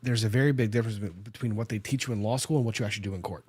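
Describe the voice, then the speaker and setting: A man's voice: fairly low pitch, racing, a little mellow, husky, no room sound. A man, a lawyer hosting a podcast, telling a story in a casual, conversational way with frequent restarts and self-corrections.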